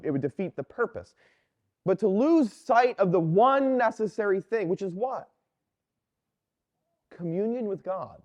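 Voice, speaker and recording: A man's voice: sits high, darkish tone. Man, catholic priest, sermon, conversational storytelling, muffled lo-fi recording.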